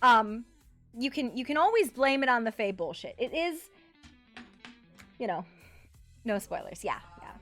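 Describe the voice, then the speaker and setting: Woman streamer, casual and rambling, lively pitch, quiet music underneath. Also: unhurried, pauses often. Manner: rambling, many fillers and restarts, casual swearing, frequent laughter. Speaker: streamer talking about her roleplay character. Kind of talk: casual live-stream chat.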